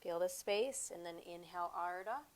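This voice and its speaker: Calm woman guiding a yoga flow. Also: on the low side. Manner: calm, unhurried cueing of breath and poses. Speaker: yoga teacher. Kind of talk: guided yoga class instruction.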